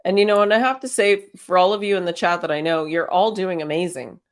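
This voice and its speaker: A woman's voice: lowish voice, fast, clean tone. A woman hosting a casual spiritual self-help talk, chatty and encouraging, firing off strings of rhetorical questions and laughing often. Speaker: host.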